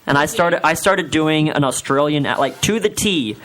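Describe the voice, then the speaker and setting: A young man in his twenties tells a long, rambling story on a talk radio show. His voice sits a little high, and he pokes fun at himself. He sounds animated as he talks with the other hosts in the studio. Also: moderate pace. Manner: rambling, animated, self-deprecating.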